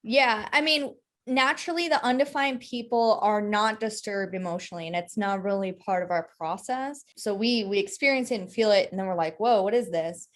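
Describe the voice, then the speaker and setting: A woman's voice: mid-range voice, a little fast. Chatty woman explaining human design. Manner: explanatory, checks in with "right?" often. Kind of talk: casual teaching chat.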